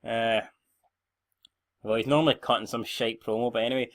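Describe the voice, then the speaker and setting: A man's voice: medium pitch, fairly even intonation, moderate pace, pauses often. A young Scottish man giving rambling, blunt, sweary commentary on a game he is playing. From Scotland. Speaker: gaming channel host.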